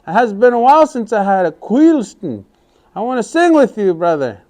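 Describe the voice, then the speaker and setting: A man's voice: high-pitched, sing-song, normal speed, a little mellow, voice pushed up. A man voicing a sly, boastful male coyote trickster in a children's story, eager and scheming. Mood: wheedling.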